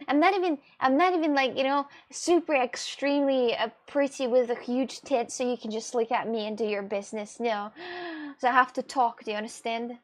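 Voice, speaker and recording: A woman's voice: fairly high pitch, steady tone, normal speed. A young Russian woman with a Russian accent, chatting casually with viewers on her live stream, rambling and laughing often. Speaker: livestreamer.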